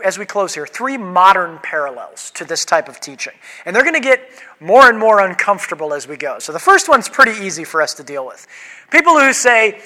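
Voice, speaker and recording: A man's voice: fairly high pitch, bright, forceful tone, big-room sound. A man who is a pastor, preaching a sermon in a conversational, joking way and putting questions to his congregation.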